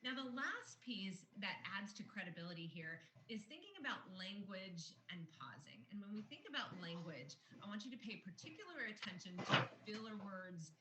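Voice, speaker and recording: Woman trainer, conversational explainer; roomy recording with steady background noise. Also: medium pitch, moderate pace, few pauses. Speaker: communication trainer. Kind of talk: online training lesson.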